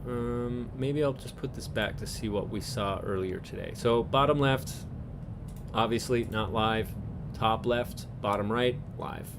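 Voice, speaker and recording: A man from Newfoundland hosting a live stream in a loose, easygoing chat, his voice sitting at an ordinary middle pitch. He rambles from thought to thought and chuckles often along the way. A faint low rumble runs underneath. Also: measured pace. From Newfoundland, Canada.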